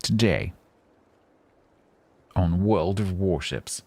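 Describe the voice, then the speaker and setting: Male streamer, very low voice, rambling self-mocking banter into a desk mic. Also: expressive, drawn-out words, a little mellow, dry recording. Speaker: game streamer. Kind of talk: casual live-stream chat.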